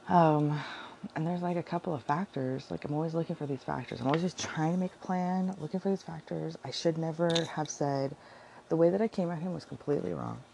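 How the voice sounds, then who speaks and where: A woman chatting casually about her Bible devotions, rambling and correcting herself often, with a heavy vocal fry. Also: low-pitched, fairly quick, warm tone, slight background noise, poor audio. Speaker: vlogger sharing Bible devotions.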